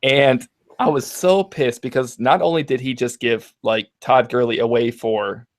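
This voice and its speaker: A man co-hosting a casual fantasy football podcast, ranting in an animated, profane way. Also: medium pitch, a little slow. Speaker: podcast co-host.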